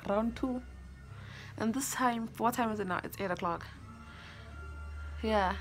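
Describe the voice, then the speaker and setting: A woman's voice: on the high side, unhurried, pauses often, soft background music. A young South African woman vlogging casually from home, playful and chatty, slipping Zulu words into her English. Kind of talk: casual selfie vlog. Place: at home, in bed.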